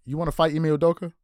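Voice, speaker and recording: A man's voice: a little high, clean tone, no room sound, clean studio sound. A man hosting a sports commentary show, firing off incredulous rhetorical questions.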